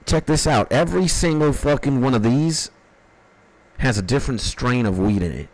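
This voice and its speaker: A man's voice: mid-range voice, lively intonation, normal speed, no room sound, natural voice, low-quality recording. A man voicing his friend, an eager young weed connoisseur who rattles off a chatty, technical sales spiel.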